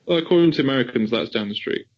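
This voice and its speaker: A man with a non-regional English accent, co-hosting a podcast and dropping deadpan jokes into the chat. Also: medium pitch, rapid-fire, dull audio. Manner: deadpan, jokey interjections. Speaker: podcast co-host. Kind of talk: casual chat.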